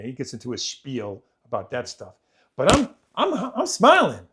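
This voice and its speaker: A man in an average pitch range tells his childhood story in a podcast conversation. He repeats phrases for emphasis and swings from loud, animated bursts to hushed, low stretches. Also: normal speed. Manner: vivid, repetitive retelling that acts out family members' voices. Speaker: podcast host telling his life story.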